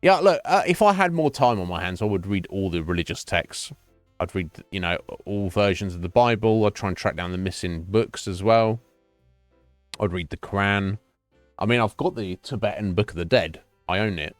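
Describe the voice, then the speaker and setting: A man's voice: lowish voice, animated, moderate pace, no room sound, soft background music. A middle-aged British man chatting casually to his stream, blunt and sweary, rambling with many restarts. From Britain.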